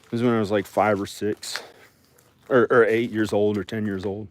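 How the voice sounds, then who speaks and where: A man's voice: lowish voice, level tone, moderate pace, a little hiss or hum. A man in his forties from the South, talking in a meandering casual vlog and often repeating himself and restarting. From American South. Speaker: vlogger. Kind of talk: rambling casual vlog monologue.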